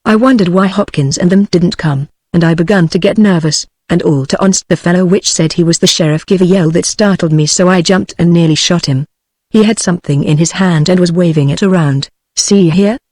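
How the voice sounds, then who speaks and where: A text-to-speech voice of a woman with a British English accent, reading an audiobook in a steady, even way. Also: on the low side, a little fast, no room sound. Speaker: audiobook narrator.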